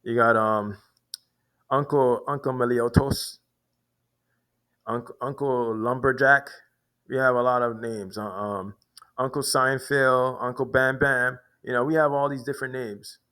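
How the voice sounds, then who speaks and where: A man's voice: medium pitch, fairly even intonation, a little slow, bright, forceful tone, smooth. A man telling a long personal story in a rambling way, restarting and repeating words often. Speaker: vlogger. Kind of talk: casual storytelling monologue.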